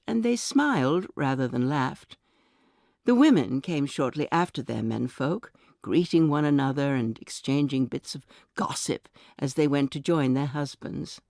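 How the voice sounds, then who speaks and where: A woman reading a short story aloud in a measured, expressive storytelling manner. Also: low-pitched, vocal fry, dry recording. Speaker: audiobook narrator.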